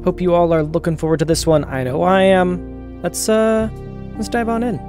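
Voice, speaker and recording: A man's voice: high-pitched, fairly even intonation, normal speed, music in the background. Laid-back man doing gameplay commentary. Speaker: let's play host.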